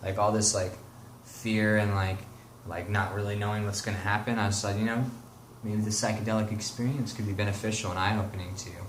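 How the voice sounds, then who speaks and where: A man's voice: lowish voice, little pitch movement, fairly quick, a little hiss or hum. A man interviewing a friend in casual, loosely phrased chat. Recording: roomy echo.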